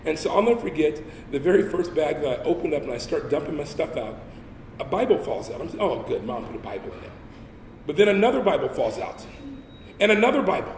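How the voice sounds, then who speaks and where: A man's voice: on the high side, sing-song, fast, distant mic, slight background noise. A man giving a humorous storytelling sermon as a guest speaker. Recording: echoey hall with faint ambience.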